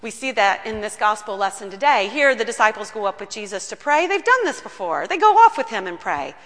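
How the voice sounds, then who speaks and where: A woman pastor preaching a sermon in a church, telling the story earnestly and slowing down on key words. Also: mid-range voice, big pitch swings, a bit bright. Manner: earnest storytelling, slows down for emphasis. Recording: long reverb of a large room.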